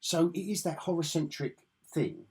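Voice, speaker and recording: A man's voice: a little high, very animated, moderate pace, gravelly, darkish tone, slightly rough. An English man with an enthusiastic, rambling way of talking, reviewing comic books in a casual vlog. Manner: rambling, enthusiastic, self-correcting.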